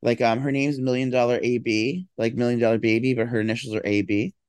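A man chatting casually in a very dry, close-miked sound, his voice groggy and slowed from a late night of drinking. He rambles through his stories, stacking fillers, then now and then breaks into a mock-tough shout before sliding back into his drowsy drawl. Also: mid-range voice, fairly even intonation, clear, resonant tone, dry recording. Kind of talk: casual chat.

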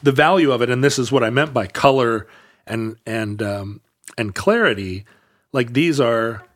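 A man's voice: mid-range voice, moderate pace. A man in his fifties, co-hosting a casual podcast, explains facts at length with many restarts and fillers. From United States. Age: 50s. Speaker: podcast co-host.

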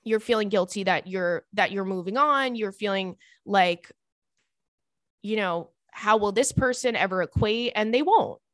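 A woman's voice: mid-range voice, a little slow, no room sound, clean studio sound. A young woman podcast host in casual chat, reading out a listener's email and giving sympathetic, rambling advice. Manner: chatty and sympathetic, with frequent restarts and fillers.

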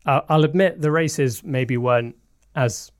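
A man's voice: medium pitch, a little slow, no room sound, clean studio sound. A man co-hosting a casual podcast chat, explaining details at length with a self-mocking streak. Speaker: podcast co-host.

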